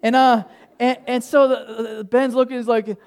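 A man's voice: very high-pitched, level tone, normal speed, smooth. A male pastor preaching a sermon, telling a personal story in a casual, humorous, conversational way.

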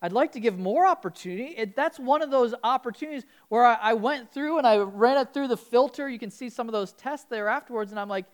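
A woman preaching a casual, conversational sermon in a church, often restarting words and growing animated as she tells a story. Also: a little high, quick pace, hardly any pauses.

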